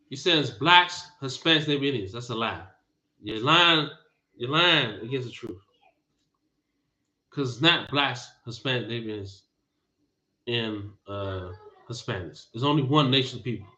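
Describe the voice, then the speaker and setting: A man's voice: mid-range voice, bright, forceful tone. A man preaching a Bible teaching sermon, emphatic and scolding, repeating phrases for force. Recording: dull lo-fi recording.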